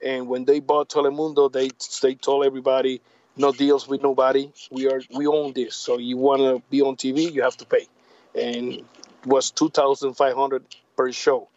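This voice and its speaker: A man from Puerto Rico, a native Spanish speaker with a Puerto Rican accent, talking in a casual interview in halting, repetitive English. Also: medium pitch, flat delivery, darkish tone, dull audio. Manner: halting, repeats words, drops grammar. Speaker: guest.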